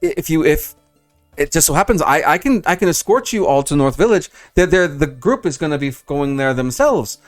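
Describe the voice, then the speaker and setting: A man's voice: a little high, animated, brisk, soft background music, natural voice. A man voicing a businesslike male matchmaker who speaks formally and hesitantly.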